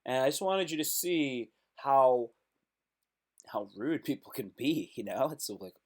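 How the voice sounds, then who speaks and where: A man's voice: mid-range voice, expressive, unhurried, a little mellow. A man hosting a casual live stream, reacting aloud to web posts in a loose, slangy way.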